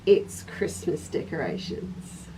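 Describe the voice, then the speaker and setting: Picked up on a distant mic with slight background noise, this woman hosts a relaxed stitching livestream for her craft shop. She talks slowly in a warm tone, laughing and chatting as she demonstrates and responds to viewers.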